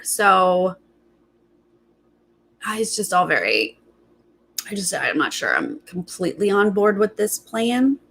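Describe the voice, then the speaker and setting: A woman's voice: very animated, slow, vocal fry, pauses often, fairly bright tone, slightly rough. Chatty woman hosting a TV recap. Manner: chatty, acts out quotes with big pitch jumps. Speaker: reality TV recap host. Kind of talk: casual commentary.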